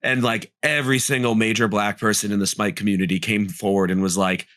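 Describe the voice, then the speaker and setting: Male podcast co-host, low voice, rambling casual chat, dry mic. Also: fairly quick, no echo. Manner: rambling, animated, lots of fillers and restarts. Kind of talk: casual group discussion.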